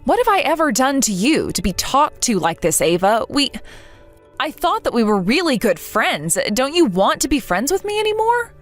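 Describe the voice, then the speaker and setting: A woman's voice: high voice, big pitch swings, normal speed, faint music behind. A woman voicing a young woman in a text-message story who is betrayed by her friend, earnest, bewildered and hurt. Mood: confused.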